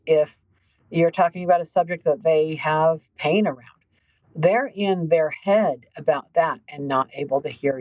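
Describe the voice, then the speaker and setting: A woman hosting a podcast as a coach, talking in an animated, emphatic way straight to her listeners. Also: on the low side, no echo, rough recording. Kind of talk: conversational podcast monologue.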